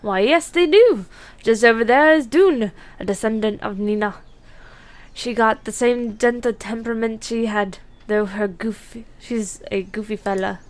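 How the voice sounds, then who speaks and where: A woman voicing a gentle young male horse farmer in a put-on Irish accent, reading game dialogue aloud as a storyteller. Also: on the high side, unhurried, close to an everyday voice. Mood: proud. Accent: attempted Irish.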